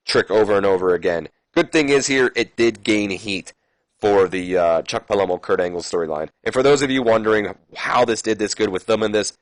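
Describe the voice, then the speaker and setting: A man's voice: fairly low pitch, no room sound. A man casually narrating a simulation game, rambling with fillers and correcting his own slips. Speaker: let's play commentator.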